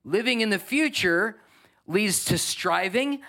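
A man with a fairly high, bright-toned voice delivers a sermon as a pastor. He reads scripture and comments on it in an animated, emphatic way, often throwing questions at the congregation. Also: slow pace. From New York.

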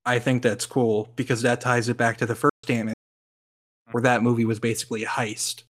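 This podcast co-host talks at a slightly quick clip in a level, mid-range voice. He rambles through casual chat, leaning on likes and ums and laughing often.

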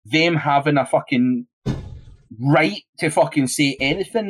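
Young Scottish man, high voice, profane heated podcast rant. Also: measured pace, breathy edge, poor audio. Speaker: podcast co-host.

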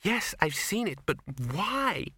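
A man voicing a fiery, paranoid young actress, speaking quickly with anguish and a sharp edge. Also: high-pitched, very animated, breathy edge, dry recording, clean studio sound, pitched above the performer's own voice, full character voice. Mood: anxious.

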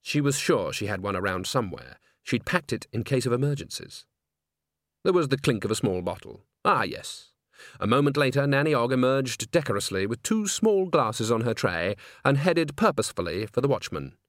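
A man narrating a comic fantasy novel in an even, wry storytelling manner. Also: medium pitch, a little fast, no room sound, studio quality. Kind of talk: audiobook narration.

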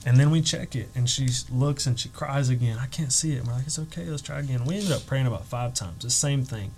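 Animated man telling a story. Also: medium pitch, fairly quick, rough recording. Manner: animated, acts out quotes, emotional. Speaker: guest telling a ministry story. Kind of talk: storytelling in a podcast interview.

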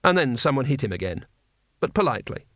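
A man narrating an audiobook in a measured, wry storytelling manner. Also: medium pitch, very animated, a bit bright, no echo, studio quality.

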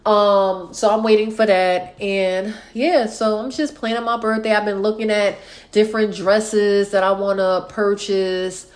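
A woman's voice: medium pitch, flat delivery, measured pace. Casting: woman, late 30s, vlogger, chatty and tender-hearted, sighs a lot. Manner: emotional, sighing, chatty. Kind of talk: casual chat to followers.

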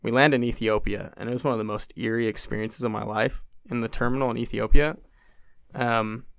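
A mid-range voice with vocal fry comes through clean studio sound with no echo as a young man tells a long story on a podcast. Casual and animated, he acts out other people's words and relies heavily on "like" as a filler.

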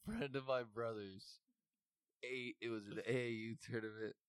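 A young man co-hosting a podcast, telling quick, amused stories in casual chat. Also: medium pitch, fairly even intonation, smooth, no room sound.

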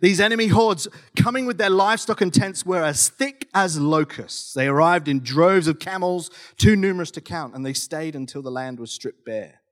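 A middle-aged man preaching a sermon, reading scripture dramatically and telling stories in a lively, conversational way. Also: on the high side, normal speed, hardly any pauses. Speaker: pastor.

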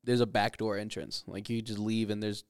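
A man's voice: fairly low pitch, little pitch movement, normal speed, smooth, dry recording, studio quality. A young man co-hosting a podcast in casual chat, swearing and arguing while he laughs with his friend. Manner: swears a lot, laughs, argues. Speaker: podcast co-host.

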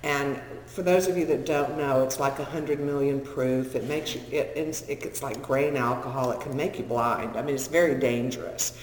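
A woman's voice: rumbling low, normal speed, hardly any pauses, a little mellow, slight background noise. Texan-accented woman in her sixties, echoey hall. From Northern California. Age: 60s. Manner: candid, self-deprecating, humorous storyteller. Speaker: speaker sharing her recovery story. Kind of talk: personal storytelling to an audience. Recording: echoey hall with long reverb.

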